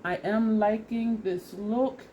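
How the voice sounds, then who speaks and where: A woman's voice: medium pitch, steady tone, slow pace, warm tone, muffled recording, a little hiss or hum. A woman vlogger casually talking through a makeup try-on step by step, chatty and laughing at herself, teary and sniffly from allergies. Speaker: beauty vlogger.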